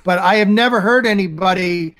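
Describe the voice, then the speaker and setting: A man's voice: high-pitched, brisk, a bit bright. A man co-hosting a comedy podcast, talking casually and hesitantly with many restarts and fillers. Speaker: podcast co-host. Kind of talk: casual chat.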